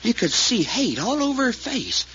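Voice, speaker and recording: An actor playing a homespun, plainspoken male sidekick, retelling events with rustic grammar and halting restarts, in 1940s radio acting. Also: extremely high pitch, wildly swooping pitch, pushed and bright, slight background noise, full character voice. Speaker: witness recounting events. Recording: dull lo-fi old radio recording.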